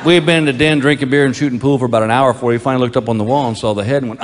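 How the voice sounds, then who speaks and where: A man's voice: mid-range voice, steady tone, rapid-fire, few pauses, long reverb tail. A man delivering folksy stand-up anecdotes with dry punchlines. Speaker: stand-up comedian.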